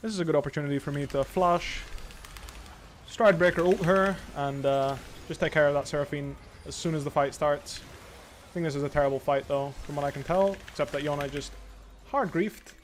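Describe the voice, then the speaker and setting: A young man giving live commentary while playing a video game, thinking aloud in a calm, analytical way. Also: on the high side, normal speed, slight background noise. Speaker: pro gamer streaming.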